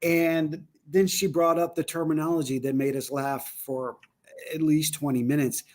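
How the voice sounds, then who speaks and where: A man co-hosting a paranormal talk show, telling funny stories in an animated way and jumping high when he quotes people. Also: moderate pace. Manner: animated storyteller, voice jumps high for quoted shouts. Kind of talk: casual chat.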